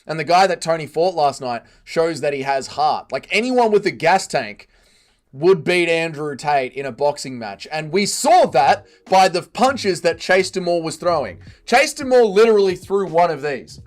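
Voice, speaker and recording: A man's voice: high-pitched, lively intonation, measured pace, soft background music. A man hosting a casual livestream, reading chat aloud, swearing often and laughing readily.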